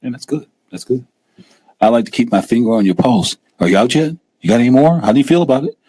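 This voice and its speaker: Husky-voiced man hosting a live show. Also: medium pitch, quick pace. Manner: animated, acts out scared investors in a raised voice. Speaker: host. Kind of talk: casual live-stream talk.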